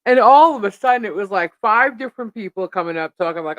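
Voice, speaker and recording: Chatty, animated woman telling a story. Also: medium pitch, fast, no room sound, rough recording. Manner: animated, chatty, acts out quoted dialogue. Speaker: podcast co-host. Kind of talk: live casual chat, storytelling.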